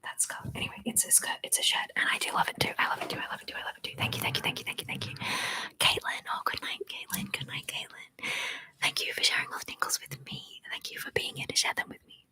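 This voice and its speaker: A young woman in a soft, tinkly whisper, chatting with viewers on an ASMR livestream and softly repeating words. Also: quick pace, rough recording. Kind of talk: whispered live chat.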